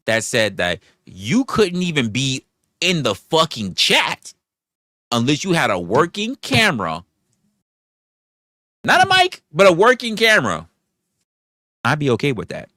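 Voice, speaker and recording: Animated, profane livestream host ranting. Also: male voice, mid-range voice, no echo, studio quality. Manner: profane, argumentative, fires rhetorical questions; reads out and thanks viewer donations. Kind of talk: live-stream commentary and rant.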